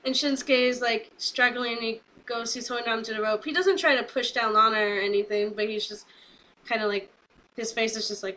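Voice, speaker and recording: Bright-voiced young woman with a cold. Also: fairly high pitch, normal speed, low-quality recording. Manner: chatty, fills with "like", retells scenes with excitement. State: getting over a cold. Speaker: wrestling show reviewer. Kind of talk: casual recap vlog.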